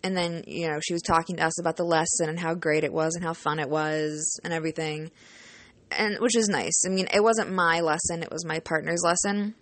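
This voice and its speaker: A woman's voice: sits low, fairly even intonation, fairly quick, a bit bright, no room sound. A young adult woman, a student teaching partner, telling a casual storytime vlog. She talks in a chatty, emotional way, leaning on "like" and "you know" and swearing casually.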